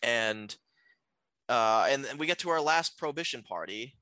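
A man's voice: medium pitch, animated, moderate pace, sharp tone, clear, resonant tone, no room sound, rough recording. A man co-hosting a podcast, talking casually through a film's plot with many fillers and restarts. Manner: rambling, lots of fillers and restarts. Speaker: podcast co-host. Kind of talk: casual film discussion.

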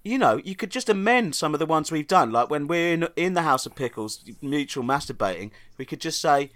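A man's voice: on the high side, expressive, fairly quick, fairly bright tone. A man co-hosting a podcast, joking sardonically and swearing in casual banter. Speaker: podcast co-host.

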